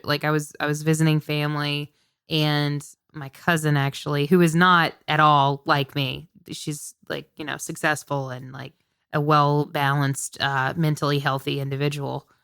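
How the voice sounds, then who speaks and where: Low-voiced joking woman podcast host. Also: a bit bright, clean tone. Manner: sarcastic, joking, swears freely. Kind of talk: casual chat.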